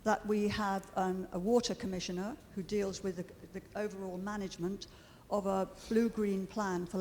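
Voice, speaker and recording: A woman's voice: medium pitch, a little mellow, big-room sound, slight background noise. A middle-aged woman campaigner addressing a committee, earnest and hesitant with frequent ums. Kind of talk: public statement. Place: large meeting chamber.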